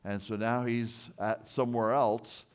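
A man's voice: mid-range voice, little pitch movement, measured pace. A man preaching a sermon in an earnest, emphatic way, often repeating and restarting words. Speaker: pastor.

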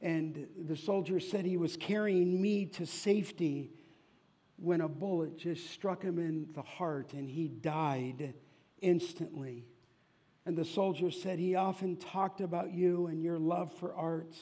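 A man preaching a sermon, telling a story slowly and rising in volume for its dramatic moments. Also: fairly even intonation, breathy edge. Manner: tells a story slowly, rising loud and high for shouted voices. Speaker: pastor.

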